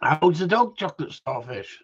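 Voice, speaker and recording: A man's voice: a little high, sing-song, brisk, slightly rough. A man hosting a casual live stream about gundogs, bantering, swearing and reading out viewer messages. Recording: dull lo-fi sound.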